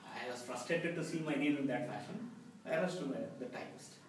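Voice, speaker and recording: A man's voice: mid-range voice, a little fast. A middle-aged man giving a humorous prepared speech to a club, telling stories with acted quotes. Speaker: club speaker. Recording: echoey hall from far off, background noise.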